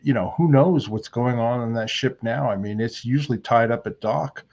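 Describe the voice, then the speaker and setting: A man in casual podcast chat, commenting in a relaxed, agreeable way. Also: mid-range voice, normal speed, gravelly, highs cut off.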